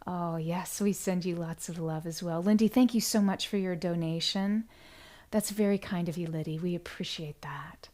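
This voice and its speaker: A woman's voice: on the low side, moderate pace. Effusive woman hosting a live stream. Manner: effusive and grateful, with sudden bright excited bursts and soft hushed thank-yous. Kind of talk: casual live-stream chat, reading out viewer comments.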